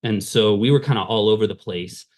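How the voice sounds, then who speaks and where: A man's voice: on the low side, brisk, darkish tone. A man, a pastor, candidly telling his life story in a casual interview, with many fillers. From Southern California. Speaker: pastor and fundraising consultant, guest.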